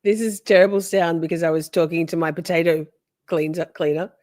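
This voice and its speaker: A woman hosting a casual stream, chatting with viewers in an animated, playful, mock-dramatic way. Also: fairly low pitch, fairly quick, no echo, clean studio sound. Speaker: livestream host. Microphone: phone.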